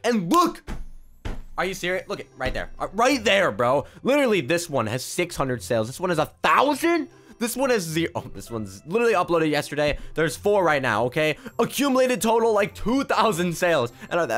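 A young man giving hyped, slangy gameplay commentary while getting over a cold. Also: a little high. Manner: energetic, slangy, keeps saying "bro" and "guys". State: has a cold. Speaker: YouTuber.

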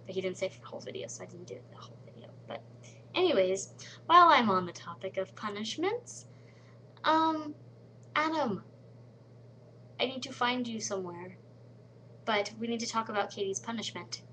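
A woman's voice: on the high side, wildly swooping pitch, moderate pace, pauses often, a little hiss or hum, rough recording. Rambling young woman vlogging at home. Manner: rambling, many "um"s, drops into soft murmured asides. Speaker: vlogger in a collab channel. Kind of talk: casual chat to camera. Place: at home, late at night.

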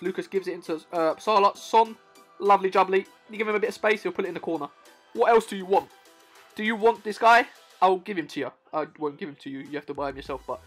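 A young man giving hyped, playful commentary over football game clips, talking straight to the viewer. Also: high-pitched. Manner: excitable, playful, talks to the viewer. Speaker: gaming YouTuber.

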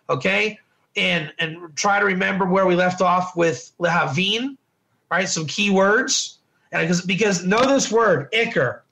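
High, gravelly-voiced male Bible teacher. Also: bright, forceful tone. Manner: chatty, repeats words and restarts, asks the class questions. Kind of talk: informal class lecture.

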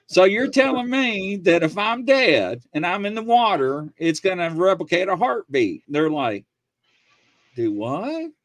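Animated man telling stories. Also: high-pitched, a little slow, few pauses, no echo. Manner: animated storyteller, acts out quoted people. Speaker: podcast host. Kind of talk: casual chat.

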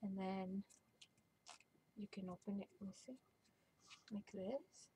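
A woman's voice: mid-range voice, slow, a little hiss or hum, low-quality recording. Hesitant woman showing her crafts. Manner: hesitant, many ums and restarts, gentle. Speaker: crafter showing a handmade mini album. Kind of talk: casual show-and-tell.

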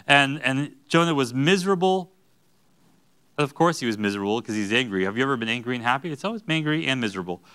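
A man preaching a sermon as pastor, animated, with joking asides and acted-out quotes. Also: medium pitch, fast talker, smooth. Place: church sanctuary.

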